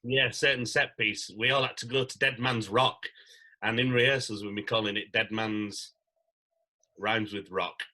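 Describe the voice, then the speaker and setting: Bright-voiced man telling stories. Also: fairly low pitch, moderate pace, rough recording. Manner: animated storyteller, acts out quotes. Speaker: guest, stage actor. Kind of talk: casual anecdote-telling.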